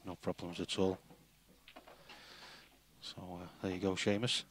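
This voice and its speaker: This is a man co-commentating on a live pool broadcast. He talks in a steady, matter-of-fact way, and his voice sits fairly low. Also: a little slow, slight background noise.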